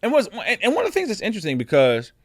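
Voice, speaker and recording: High and heavy, this man's voice races along with huge pitch swings, recorded with clean studio sound and no room tone. The podcast host talks through a reflective personal monologue conversationally, often asking "right?" and frequently restarting and repeating his words.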